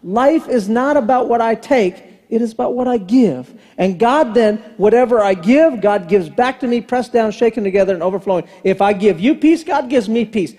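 A man, a pastor, preaching a sermon in an animated, conversational way with rhetorical questions. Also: sits high, moderate pace, few pauses.

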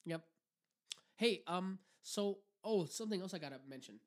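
With a voice that sits high and sounds animated, a Canadian podcast co-host talks at normal speed. He rambles, swears and laughs a lot in casual chat.

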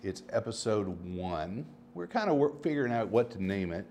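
Animated rambling male podcast host. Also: normal speed, slight background noise. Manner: rambling storytelling, swings between animated and low asides. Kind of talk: casual solo podcast monologue.

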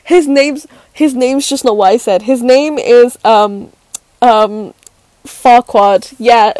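Young female podcast host, chatty and giggly, slightly high voice, dry close mic. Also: steady tone, slow pace, darkish tone, dry recording. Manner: giggly, rambling, many fillers and restarts. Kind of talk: casual personal storytelling.

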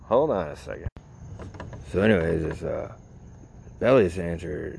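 A deep-voiced man hosts a podcast, telling a loose, rambling story in casual talk. He keeps tossing in fillers and acts out his own reactions as he goes. A faint hiss sits under his voice. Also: a little slow, vocal fry, long pauses, darkish tone. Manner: rambling, full of "you know" and fillers. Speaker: podcast host.

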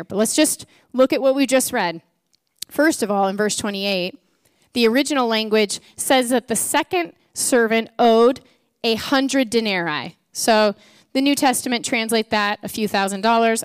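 A woman with a fairly high voice preaches a sermon in an animated, playful way, firing off rhetorical questions as she retells a story. The sound is dry and close, with little room echo. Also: clean tone. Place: church.

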